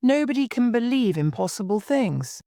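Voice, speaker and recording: A woman's voice: fairly high pitch, very animated, normal speed, warm tone, dry recording, clean studio sound, pitched above the performer's own voice. A woman voicing a curious, polite young girl who asks puzzled questions.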